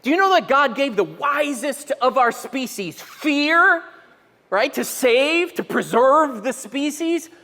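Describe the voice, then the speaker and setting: A middle-aged male pastor with a high, light voice preaches in a church auditorium. His words trail off in a long hall reverb. He tells stories with animation, acts out the people in them, and keeps putting questions to the room. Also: expressive, slow pace, bright, forceful tone. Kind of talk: sermon.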